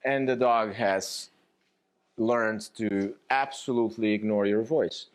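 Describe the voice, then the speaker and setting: A man's voice: on the low side, slow pace. Blunt, profane man lecturing on dog training. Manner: blunt, profane, animated and joking.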